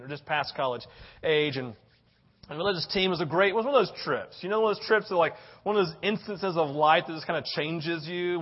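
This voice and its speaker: A man preaching a sermon, telling a personal story with lively swings from excited and loud to low and quiet. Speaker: pastor. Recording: dull lo-fi audio.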